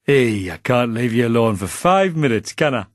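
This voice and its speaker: Un uomo che interpreta un energumeno rozzo e massiccio con del nord dell'Inghilterra. Ha la voce ruvida e mutevole, in un audiolibro registrato asciutto, senza eco. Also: male voice, medium pitch, animated, moderate pace, no room sound, studio quality, close to an everyday voice. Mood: teasing. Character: hulking brutal northern English heavy, gruff.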